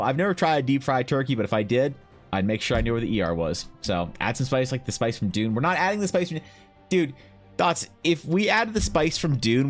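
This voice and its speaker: A young Canadian man streaming, chatting loosely and profanely while answering his chat. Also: medium pitch. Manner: rambling, loose and profane, reads chat aloud. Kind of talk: casual chat while drawing.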